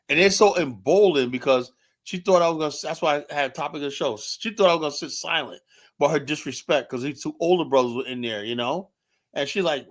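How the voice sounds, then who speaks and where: A man's voice: medium pitch, brisk. Ranting man telling a story. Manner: animated storytelling, acts out quoted lines. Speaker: podcast host. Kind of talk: casual ranting commentary.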